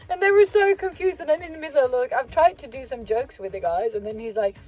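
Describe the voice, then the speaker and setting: A young Swedish woman, a native Swedish speaker with a Swedish accent, telling a lively travel story to her handheld camera. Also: high voice, moderate pace, faint music behind. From Sweden. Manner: animated, laughing, acts out quotes. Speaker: vlogger. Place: van trip at a vineyard.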